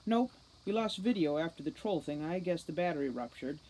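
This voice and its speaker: A woman's voice: low voice, animated, a little fast, a little mellow, poor audio. A woman voicing a smug, wisecracking male centaur technician with a flippant, sarcastic manner.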